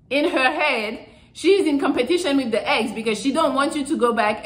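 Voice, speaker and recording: A young woman vlogs relationship advice in a loose, casual way. Her voice sits on the higher side, and she swears bluntly and often. She slips into animated impressions whenever she quotes someone.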